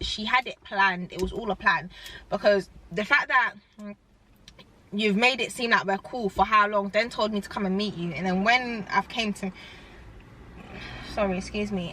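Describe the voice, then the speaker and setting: A young woman, telling a storytime in a rambling, animated way and saying "like" often. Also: mid-range voice, slight background noise. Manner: animated, rambling, heavy use of "like". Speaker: vlogger. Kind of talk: casual storytime chat.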